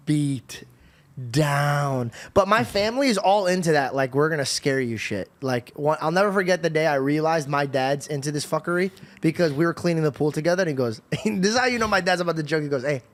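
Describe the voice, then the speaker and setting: A man's voice: a little high, fairly quick. A young man in casual podcast chat, telling a story and acting out quotes, with slang like "dog" and "bro". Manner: animated, acts out quotes, says "dog" and "bro".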